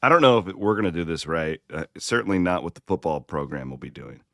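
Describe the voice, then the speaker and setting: A man's voice: deep voice, animated, fast, vocal fry, bright, forceful tone, dry recording, studio quality. A middle-aged man co-hosting a sports podcast in casual chat, talking loosely with restarts and self-deprecating asides. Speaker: podcast co-host.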